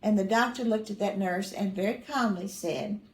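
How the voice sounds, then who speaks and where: A woman's voice: mid-range voice, moderate pace, roomy sound. An older woman recalling family memories in a rambling, self-correcting way, with dry humor and small chuckles. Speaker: mother recalling family stories. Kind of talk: casual personal storytelling.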